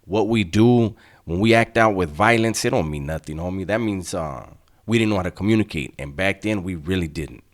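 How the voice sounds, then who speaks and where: A middle-aged man with a very low voice. He tells a story in a laid-back, streetwise way, heavy on slang and swearing. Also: a little fast. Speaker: channel host telling prison stories. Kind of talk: casual storytelling to viewers.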